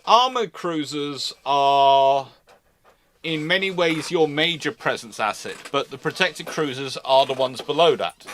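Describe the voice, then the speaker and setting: A man hosting a live naval history stream, explaining things in a playful, animated storytelling way. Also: medium pitch, slight background noise. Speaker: naval historian and channel host. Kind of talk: live-stream lecture chat.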